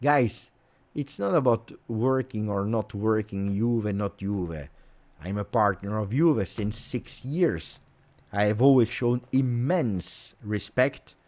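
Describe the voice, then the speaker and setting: A man with an Italian accent rants angrily during a live football watch-along. His voice sits fairly low, and he hammers the same words over and over as he vents. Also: slow pace, a little mellow. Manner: angry, repetitive ranting. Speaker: fan channel host.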